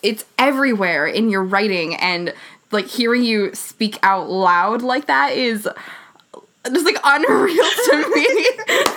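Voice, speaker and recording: A woman's voice: a little high, takes it slowly. Gushing young woman host. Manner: gushing, excitable fan enthusiasm. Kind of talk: casual chat.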